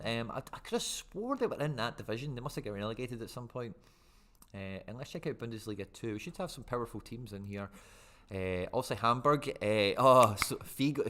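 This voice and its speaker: A man chatting casually and excitably on a live stream, rambling with fillers as he answers viewers. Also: mid-range voice.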